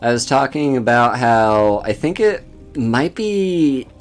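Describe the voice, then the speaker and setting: A man's voice: mid-range voice, very animated, slow pace, faint music behind. A man hosting a game stream, chatting casually and laughing often as he plays. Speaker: streamer host. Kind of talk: casual gaming chat.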